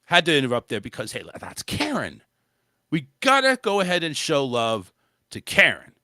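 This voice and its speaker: Animated ranting male host. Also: fairly high pitch, normal speed, dry recording, studio quality. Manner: blunt, ranting, swears freely. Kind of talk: casual opinion monologue.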